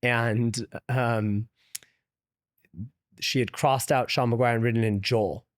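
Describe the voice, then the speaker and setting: Male interview guest, casual anecdote teller, filler-heavy and loose, mid-pitched, dry close recording. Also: fairly even intonation, slow pace, no room sound. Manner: loose and chatty, heavy use of "like", laughs often. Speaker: interview guest, venture investor. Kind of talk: casual storytelling in conversation.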